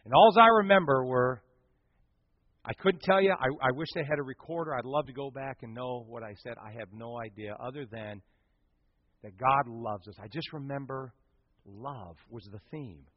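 A middle-aged man preaching a personal story as a sermon, swinging from loud bursts to hushed, near-whispered lines. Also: mid-range voice, moderate pace, no room sound. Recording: dull dry sound.

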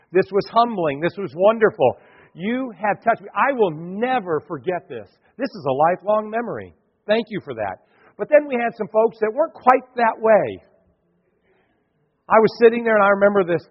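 A man preaching a sermon as a pastor, earnest, telling a story, moving from loud emphasis to quiet. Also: sits high, slightly rough. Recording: echoey hall, dull lo-fi sound.

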